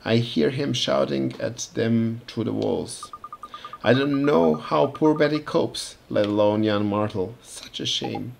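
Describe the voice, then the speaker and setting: A man's voice: mid-range voice, slow pace, gravelly, a little hiss or hum. A man reading the lines of a chatty, nosy old woman neighbour in a video game, in a confiding, gossiping manner.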